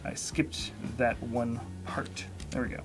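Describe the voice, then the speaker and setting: A man's voice: medium pitch, steady tone, slow, soft background music. A man hosting a live building stream, chatting casually and rambling as he corrects himself. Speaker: livestream host. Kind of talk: casual live unboxing chat.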